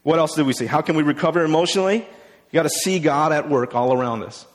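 A man's voice: a little high, fast. A man preacher giving a conversational sermon, often checking in with "right?" and acting out the quotes. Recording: long hall reverb.

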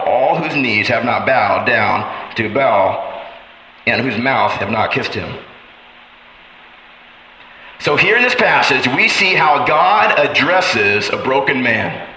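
A man's voice: pushed and bright, a little hiss or hum. A man preaching a sermon, speaking with passion and voicing God's questions to his listeners. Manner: impassioned, voicing God's questions with rising pitch. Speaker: pastor. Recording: echoey hall with faint ambience.

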